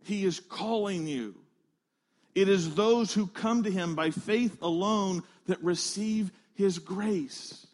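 Speaking slowly, a man delivers a sermon with earnest emphasis, leaning on phrase after phrase. He is a pastor with a fairly high-pitched voice who doesn't rush.

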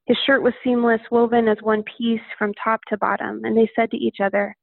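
A woman reading a Bible passage aloud in a steady, plain manner. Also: on the high side, a little fast, creaky, no echo. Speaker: scripture reader. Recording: tinny phone-like line.

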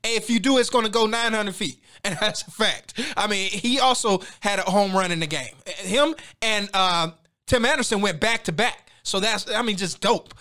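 A man hosting a sports podcast in energetic, slangy casual talk, hooting and hyping his team. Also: high voice. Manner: energetic, slangy, shouts and hoots.

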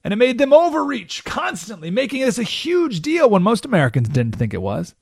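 A man with a very high-pitched, husky voice and vocal fry hosts a political talk radio show, speaking fairly quickly as he animatedly tells a story and often asks "right?" into a studio mic. There is no echo.

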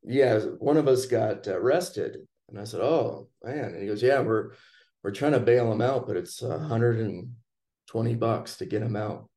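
Relaxed man with a dark voice, telling a story. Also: medium pitch, normal speed. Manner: relaxed, chatty, acts out quoted lines. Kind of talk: casual storytelling conversation.

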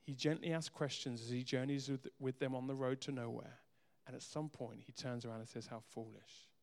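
A man preaching a sermon as pastor, earnest, moving between soft quiet asides and emphatic raised lines. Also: medium pitch, fairly even intonation, a little fast, gravelly. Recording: long hall reverb.

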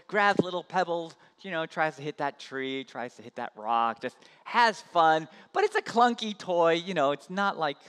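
A man preaching a sermon as a pastor, telling a story in an animated way. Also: on the high side, clean tone. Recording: long church-hall reverb.

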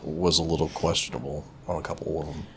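Deep gravelly husky man. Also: flat delivery, fast talker, a crowd in the background. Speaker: podcast co-host. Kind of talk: casual chat.

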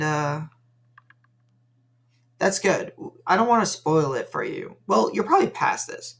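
A young man with a fairly high voice and vocal fry co-hosts a casual podcast. He's dry and rambling as he recaps episodes in relaxed chat.

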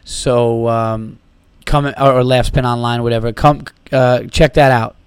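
A man's voice: mid-range voice, fairly even intonation, measured pace, smooth, no room sound. A man in his thirties hosting his own comedy podcast, tired and a little sick, rambling and swearing with giddy energy. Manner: rambling, profane, giddy riffing. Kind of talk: casual solo podcast monologue.

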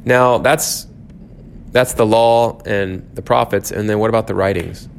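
A man's voice: lowish voice, steady tone, a little slow, creaky, a little hiss or hum. A man teaching a church class, thinking aloud with frequent restarts and fillers.

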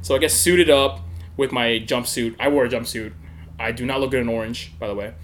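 This young man's mid-range voice moves fairly quickly as he spins a story in relaxed, casual conversation, with a little hiss or hum in the recording. He swears freely, laughs a lot, and animatedly performs the voices of whoever he's quoting.

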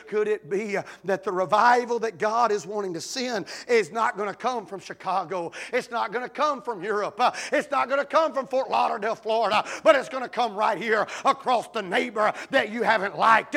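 A man, a pastor telling a story in a sermon, folksy with lots of "uh" fillers, swinging from hushed to shouting. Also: high voice, expressive, a little fast, vocal fry, few pauses.

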